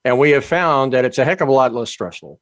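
A man hosting a live business radio show, talking in a brisk, pushy, salesman-like way. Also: medium pitch, no room sound.

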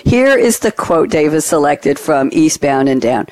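A woman's voice: sits low, sing-song, unhurried, hardly any pauses, a little mellow, dry recording. A woman hosting a business panel show, chatty and upbeat, fond of trivia asides. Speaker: podcast host.

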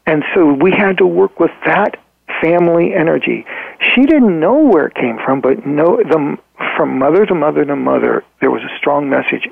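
A man with a deeply gravelly, husky voice tells a client story as an interview guest. He speaks in an earnest, halting way, full of ums and restarts. The sound is dry and tinny, like a phone line. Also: animated, no room sound. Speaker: guest therapist.

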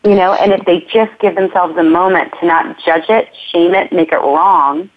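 A woman movement teacher, appearing as a guest in a reflective conversational interview, speaks in a lowish, steady voice at a normal pace. Her delivery is earnest and flowing, and she often repeats her phrases. The recording sounds tinny, like a phone line.

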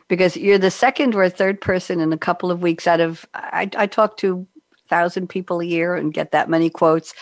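A woman's voice: fairly low pitch, no room sound, studio quality. Chatty woman host from New York. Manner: chatty, laughs at own jokes. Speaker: radio show host. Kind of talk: hosting a video call show. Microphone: video call.

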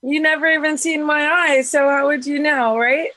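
A woman joining a talk show as a guest, with a notably high voice. She keeps the banter playful and light, often breaking into giggles. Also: fairly even intonation, normal speed, pushed and bright. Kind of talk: casual talk show chat.

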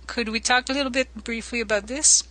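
Bright-voiced French Canadian woman. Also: fairly high pitch, steady tone, brisk, poor audio. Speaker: interviewer. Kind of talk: interview questions.

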